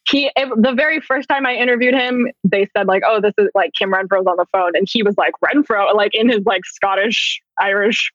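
A woman's voice: mid-range voice, brisk, few pauses, a bit bright, no room sound. A woman author and journalist chatting as a podcast guest in a talkative, self-conscious way, peppering her speech with "like". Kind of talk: casual podcast interview. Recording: dull lo-fi dry sound.

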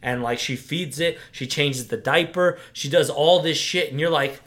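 A young man on a podcast, excitedly retelling a horror film in casual, profane chat. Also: on the high side, moderate pace. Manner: excitable, profane, animated storytelling. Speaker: podcast co-host.

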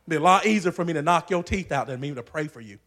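A man preaching a sermon in a church, swinging from hushed asides to loud, shouting peaks. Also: fairly high pitch, lively intonation, fast.

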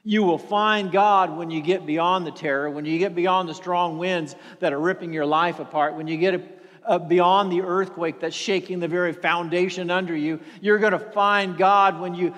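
A man preaching a sermon in an earnest, halting way, often repeating words and sinking to a near whisper for emphasis. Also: high-pitched, fairly even intonation, a bit bright, long reverb tail.

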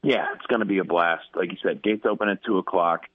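A male soccer club guest phoning into a radio show, upbeat and eager to talk about the match. His voice is very deep. The call comes through a thin, phone-like line with a dry sound. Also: fairly even intonation, fast, dry recording. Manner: upbeat, hyped, explanatory. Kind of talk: phone-in interview.

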